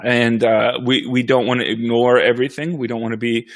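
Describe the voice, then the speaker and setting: A man pastor in a casual church update chat, talking in a reflective, halting way with frequent restarts. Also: mid-range voice, level tone. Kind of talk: casual conversation.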